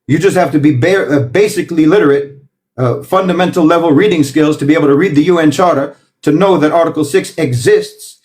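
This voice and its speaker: A man's voice: a little high, brisk, a little mellow. A man giving an impassioned political talk, emphatic and lecturing, piling up repeated phrases. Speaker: political commentator.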